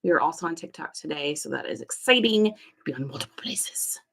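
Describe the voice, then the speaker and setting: A woman's voice: deep voice, lively intonation, fairly quick, vocal fry, fairly bright tone. A woman hosting a casual livestream as a reseller, chatty and laughing often as she greets viewers by name. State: allergies, puffy eyes.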